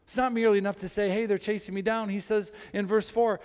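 A man preaching a sermon as a pastor, reading scripture aloud with emphasis and animated delivery. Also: high-pitched, fast, hardly any pauses. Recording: long reverb in a large hall.

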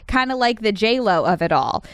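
A woman co-hosting a casual film podcast, animated and quick to laugh, with fast asides. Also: fairly high pitch, smooth, no echo, studio quality. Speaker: podcast co-host. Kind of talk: casual chat about films.

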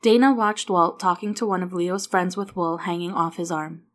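A woman narrating a story in an even, unhurried reading voice. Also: fairly low pitch.

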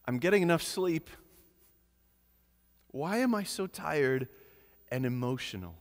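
A man preaching a sermon as pastor, earnest, slowing and softening on key phrases. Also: fairly high pitch, expressive, big-room sound.

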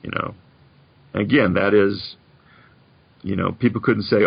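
An older man in his seventies spins long stories in a casual chat, his voice low, husky and full of gravel. The recording sounds dull and slightly lo-fi. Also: steady tone, measured pace, pauses often. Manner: reflective storyteller, many "you know"s. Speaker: guest, animation producer.

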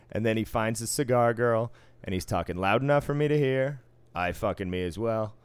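A man with a low, smooth voice tells a casino work story in casual chat. He swears freely and is wry and dry about it, and he acts out the people he quotes. The recording is close and dry. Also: normal speed, no echo. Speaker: casino floor supervisor.

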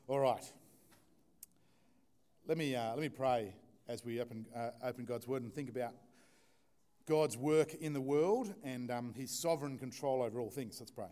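A man preaching a relaxed, conversational sermon in church, joking with the congregation. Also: mid-range voice, normal speed, long pauses. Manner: informal, chatty, joking with the congregation. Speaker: pastor.

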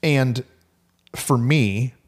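A man, a pastor, co-hosting a casual faith podcast in a relaxed, conversational way. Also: medium pitch, very slow. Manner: relaxed and conversational, slips into animated quoted voices.

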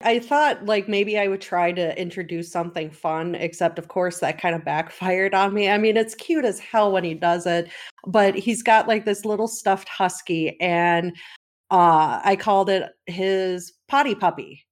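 Woman, mother, casual chat host, animated storytelling, laughs often. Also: mid-range voice, measured pace. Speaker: mother, podcast host asking for advice.

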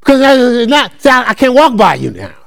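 A man's voice: very high voice, normal speed, creaky. A man preaching a conversational sermon, repeating phrases and checking in with his listeners as he teaches. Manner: animated, repetitive, conversational preaching with call-and-response.

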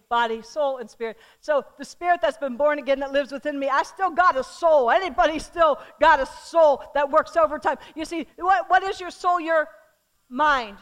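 A middle-aged woman preaching a sermon, swinging from loud calls to the crowd down to soft, hushed words. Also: high voice. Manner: animated, shifting from loud calls to soft near-whispers.

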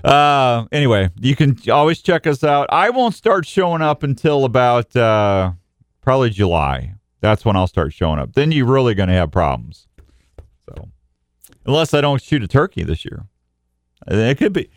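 A man's voice: medium pitch, big pitch swings, moderate pace, no echo, clean studio sound. A man hosting a live outdoors radio show, rambling and joking with listeners and his producer. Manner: rambling, jokey, chatty. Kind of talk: casual live radio chat.

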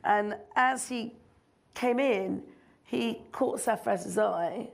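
Gravelly woman telling a lively story. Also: fairly high pitch, drawn-out words. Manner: animated, laughs often, mimics people. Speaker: filmmaker guest. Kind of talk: anecdotal storytelling on stage.

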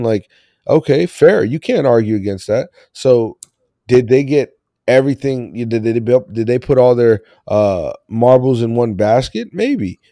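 A man's voice: medium pitch, warm tone, no room sound, studio quality. Laid-back man hosting a sports podcast. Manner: loose, rambling, laughs often. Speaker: podcast host. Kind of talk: casual sports podcast chat.

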